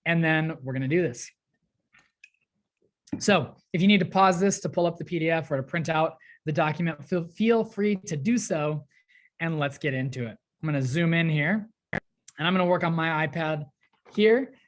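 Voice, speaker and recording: A teacher recording an online class lesson, explaining a poem step by step with frequent "um" and "right?" checks. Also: mid-range voice. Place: home or classroom at a desk, working on a tablet.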